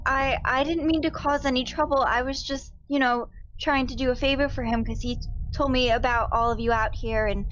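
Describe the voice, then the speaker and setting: A flustered young woman stammers through apology after apology, her voice pitched up high and tumbling with nervous haste, as a woman puts her on. The recording sounds dull and lo-fi. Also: natural voice. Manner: stammering, over-apologetic, breathless pleading.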